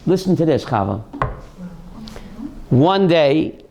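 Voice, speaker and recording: A man's voice: on the high side, very animated, takes it slowly, vocal fry, warm tone, slight background noise. A man, a rabbi and host, tells a story on a call-in show, repeating key phrases for emphasis.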